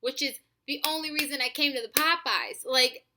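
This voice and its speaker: A woman in her twenties telling a story to camera in a chatty, animated way, swearing freely and filling her talk with likes and ums. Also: sits high, normal speed, background noise. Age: 20s. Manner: animated, profane, chatty with many fillers. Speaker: vlogger.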